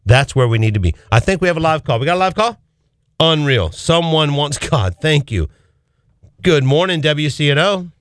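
A man hosting a call-in radio show, preaching with fervent, rapid-fire rhetorical questions from a studio. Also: fairly high pitch, expressive, no echo. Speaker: radio talk show host.

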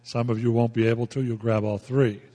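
A man's voice: medium pitch, little pitch movement, a little fast, warm tone, long reverb tail. A male pastor preaching a folksy, emphatic sermon, repeating himself as he explains scripture.

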